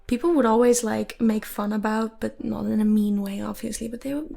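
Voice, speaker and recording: A woman in her twenties with a soft, calm voice, chatting casually on her own podcast, rambling and giggling, with lots of fillers. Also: a little high, a little fast, vocal fry. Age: 20s. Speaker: podcast host. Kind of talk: casual solo podcast chat.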